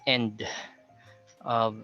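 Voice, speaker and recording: A man from the Philippines with a Filipino English accent, teaching a pronunciation lesson and slowly modeling example phrases. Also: mid-range voice, little pitch movement, bright, forceful tone, dull audio, faint music behind. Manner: slow, careful model readings of example phrases.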